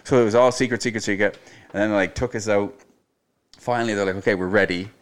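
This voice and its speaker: Guy with a low voice rambling through a story, says like a lot, swears casually. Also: steady tone, quick pace. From Nova Scotia, Canada. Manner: loose, rambling, lots of "like" fillers and swearing. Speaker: podcast guest, chef.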